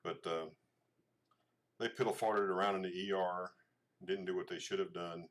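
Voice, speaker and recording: A middle-aged man with a drawl and a deep, low voice talks casually to his viewers. He rambles, restarts his sentences and fills gaps with "uh" and "so". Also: fairly even intonation, normal speed, fairly bright tone. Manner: rambling, hesitant, many fillers and restarts. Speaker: channel host. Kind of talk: casual livestream chat showing photos.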